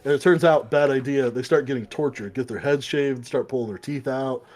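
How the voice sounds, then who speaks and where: A man co-hosting a podcast, loosely recapping a comic book story with swearing and quick put-on voices. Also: mid-range voice, a little mellow. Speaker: podcast co-host. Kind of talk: casual comic book chat.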